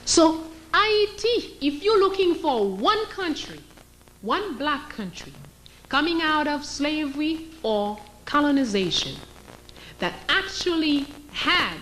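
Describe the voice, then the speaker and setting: Woman, impassioned lecturer, high voice, rhetorical questions, faint hum. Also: a bit bright, rough recording. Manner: emphatic, role-plays scenarios, rhetorical questions.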